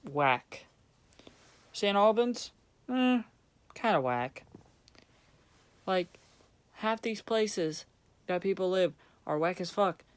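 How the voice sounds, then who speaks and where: Young male vlogger, angry blunt rant, clean smooth tone, heavy swearing. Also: high-pitched. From Vermont, USA. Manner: profane, blunt, sarcastic. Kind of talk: angry ranting monologue.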